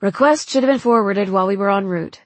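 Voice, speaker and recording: A woman voicing a brusque, bored male official in an audiobook, a touch louder than her narration. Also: mid-range voice, quick pace, no echo, lightly acted. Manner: brusque and bored, conspiratorial asides.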